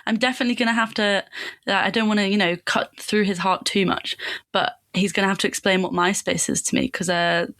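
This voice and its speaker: A woman's voice: medium pitch, fairly even intonation, a little fast, a bit bright. A woman co-hosting a podcast, chatting casually in a light, self-deprecating way. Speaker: podcast co-host. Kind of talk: casual interview chat.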